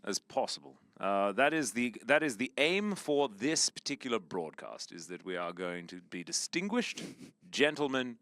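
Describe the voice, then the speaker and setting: A man's voice: mid-range voice, very animated, normal speed, fairly bright tone, dry recording. A man casting an esports match, mixing play-by-play with dry, mock-formal banter. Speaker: esports caster. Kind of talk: play-by-play commentary.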